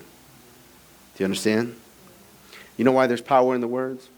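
A middle-aged male pastor preaching a sermon in a church, moving between conversational, teasing asides to the congregation and animated, rising emphasis. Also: medium pitch, measured pace, pauses often. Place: church sanctuary.

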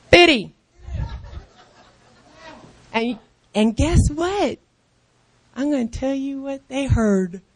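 A woman in her fifties preaching with a lively, swooping voice that rides fairly high. She acts out other people's voices and calls out in excitement. The sound is close and dry. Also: dry recording. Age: 50s. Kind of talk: lively sermon.

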